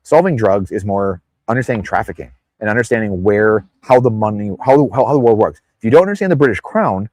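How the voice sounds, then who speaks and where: A man's voice: on the low side, lively intonation, quick pace, few pauses, a little mellow, no echo. A man speaking as a podcast guest in casual interview talk, rambling off on tangents and acting out the people he quotes. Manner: acts out quoted people in exaggerated voices.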